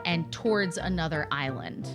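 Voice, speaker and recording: A woman narrating as game master in a lively, playful way. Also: sits low, moderate pace, faint music behind.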